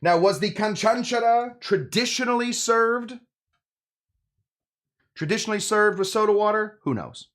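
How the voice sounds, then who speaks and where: A man's voice: high voice, normal speed, pauses often, fairly bright tone. A man hosting a casual cocktail-making demonstration, joking and rambling with lots of asides. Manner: joking, rambling, self-interrupting. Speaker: host of a cocktail channel.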